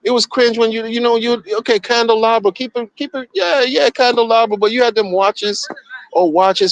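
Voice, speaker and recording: A man's voice: very high voice, normal speed, no room sound, rough recording. A man streaming casual commentary, mocking and profane, repeating himself as he rants. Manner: animated, mocking, profane, repetitive.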